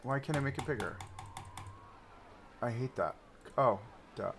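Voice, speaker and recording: A man live-streaming a park-building game, chatting and thinking aloud as he browses and places items, swinging between excited outbursts and low mutters. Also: a little slow, slight background noise. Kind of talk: casual live-stream commentary while building.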